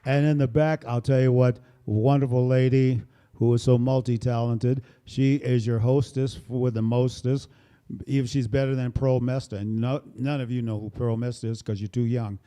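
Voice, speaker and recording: An older man chats from a small stage, rambling through introductions with plenty of jokes. His voice is mellow and dark, sitting at an ordinary pitch. He sounds relaxed and easygoing, like a bandleader at home with his audience. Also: moderate pace, clear, resonant tone. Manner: jovial, rambling, joking. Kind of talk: casual stage banter. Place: small performance space, live audience. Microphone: stage microphone.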